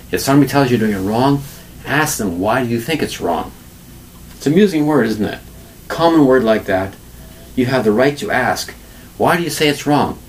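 A man's voice: on the low side, distant mic, a little hiss or hum. A man giving a casual, chatty vocabulary lesson to camera, repeating words with emphasis. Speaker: English teacher. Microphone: camera mic.

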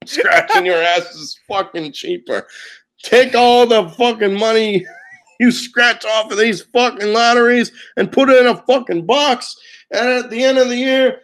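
A man delivering a profane comedic rant, loud and indignant, cursing constantly and laughing at his own lines. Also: very high-pitched.

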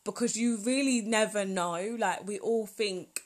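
A woman's voice: mid-range voice, measured pace. A woman, hosting a solo podcast in a chatty, rambling, heartfelt way. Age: 20s. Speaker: podcast host. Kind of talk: casual solo podcast talk.

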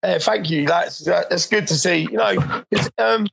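A man hosting a casual podcast interview, talking hesitantly and self-deprecatingly with halting repetitions. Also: high-pitched, creaky, a bit bright, a little hiss or hum. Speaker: podcast host. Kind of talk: casual chat.

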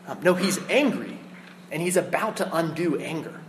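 A man in his thirties delivers a sermon in an earnest, conversational tone, pausing on small fillers as he explains. His voice sits a little higher than most men's, and a faint hum of room noise runs underneath. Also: poor audio. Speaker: pastor.

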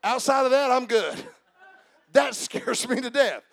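A man preaching a sermon to a congregation, talking to them directly with humor, shouting and slowing down for emphasis, then dropping to quiet asides. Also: extremely high pitch, vocal fry, some chatter behind.

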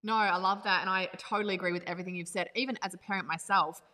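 A woman hosts a relaxed podcast chat at a quick clip. Her voice sits a little low and rings with a long reverb. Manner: warm, agreeing, quick-talking. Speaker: podcast host. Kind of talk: casual interview chat.

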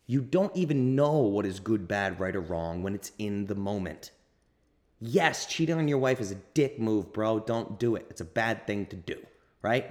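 A man hosting a solo self-help podcast, talking bluntly and emphatically with some swearing and repeating his points to drive them home. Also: lowish voice. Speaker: podcast host and coach. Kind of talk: solo motivational podcast monologue.

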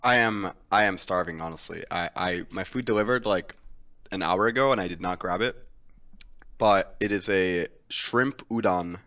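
A man co-hosting a show, talking casually and haltingly about his meal. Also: deep voice, pushed and bright, muffled recording. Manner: casual, halting, explains between bites. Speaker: show co-host.

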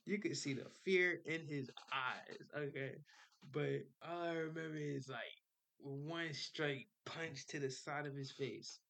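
Young man telling a story in slang, gravelly. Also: fairly high pitch, a little slow. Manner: animated storytelling with slang, swearing and laughter. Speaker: podcast host. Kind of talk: casual storytelling.

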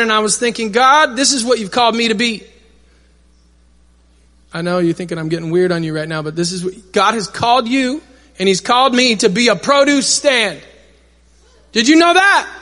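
A male pastor preaching a lively sermon in a church, calling on the crowd to repeat words back. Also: very high voice. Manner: energetic, calls for crowd responses. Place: large church hall. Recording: long hall reverb.

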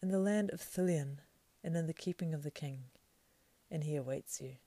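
A woman voicing an old, wise male wizard who speaks calmly and kindly, in a storybook reading. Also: deep voice, dry recording. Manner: calm, kindly, measured.

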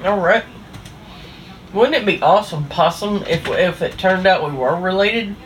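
A woman's voice: lowish voice, measured pace, slight background noise, rough recording. A woman with a Southern US accent chatting casually in a home kitchen, telling an easygoing story and calling her partner honey. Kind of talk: casual chat.

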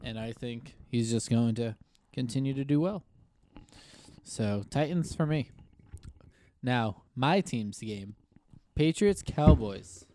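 A man's voice: medium pitch, takes it slowly, mellow, dry recording. A man co-hosting a casual sports podcast, making wry, joking asides. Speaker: podcast co-host.

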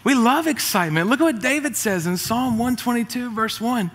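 A middle-aged man, preaching a sermon with jokes and energetic, rising emphasis. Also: very high-pitched, fairly quick. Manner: energetic, joking, rising to shouts. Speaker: pastor. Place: church auditorium. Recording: reverberant church hall.

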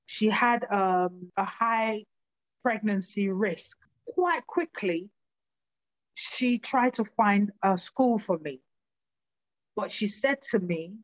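A woman from Nigeria telling her own life story in an earnest, halting way, often restarting her sentences. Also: medium pitch, animated, no echo, lo-fi sound. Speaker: personal storyteller. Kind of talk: recounting a personal life story.

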